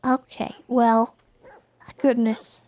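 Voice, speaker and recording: A woman in her thirties playing a gentle, reassuring police officer in a game role-play, often restarting her words. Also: a little high, level tone, drawn-out words, no echo. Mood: soothing. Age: 30s. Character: calm woman police officer Tessa, caring.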